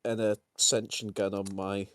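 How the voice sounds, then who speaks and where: A man playing in a tabletop role-playing game, speaking casually and haltingly, often stopping to repeat himself. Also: lowish voice, little pitch movement, dry recording. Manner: hesitant, halting, repeats words. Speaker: player.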